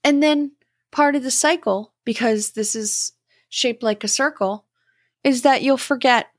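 A middle-aged woman hosting a podcast, speaking in a slow, gentle and contemplative way about spiritual growth. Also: high voice, no echo, studio quality. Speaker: podcast host. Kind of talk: reflective spiritual talk.

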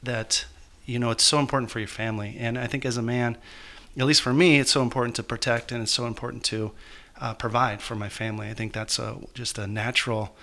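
A man being interviewed as an author, telling a painful personal story in a halting, emotional way with many restarts. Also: medium pitch, fairly even intonation, pushed and bright. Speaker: guest author.

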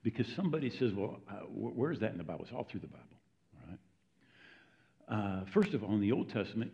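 A man preaching a sermon in a conversational, storytelling way, often checking in with his listeners. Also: mid-range voice. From United States. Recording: dull lo-fi recording.

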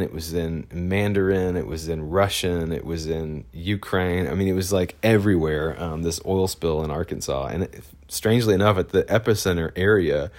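Deep-voiced man rambling through a story. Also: darkish tone. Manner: rambling, with many fillers and restarts. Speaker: photojournalist. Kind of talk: casual storytelling.

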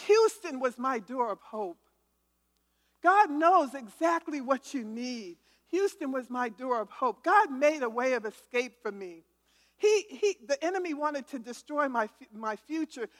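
A woman's voice: high-pitched, animated, unhurried, fairly bright tone. A woman giving an emphatic testimony sermon, calling for responses from listeners and often restarting words. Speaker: testimony speaker. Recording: hall reverb.

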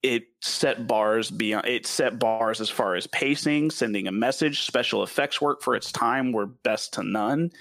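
A man with a Southern US accent talking through a film in a casual review chat, lively and quick to laugh. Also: mid-range voice, creaky, no room sound. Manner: animated, laughs often, stumbles over names.

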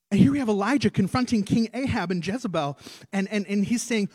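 A male pastor preaching a sermon on a church stage, animated and acting out scripture as he tells it. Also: sits high, quick pace, slightly rough, no room sound.

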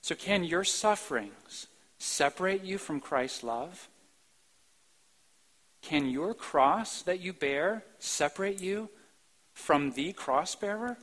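A high-pitched male pastor delivers a live-streamed church sermon. He drops to slow, quiet stretches, then bursts out loud and emphatic on his key points. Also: expressive, poor audio. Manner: emphatic preaching with sudden loud outbursts and soft, slow stretches.

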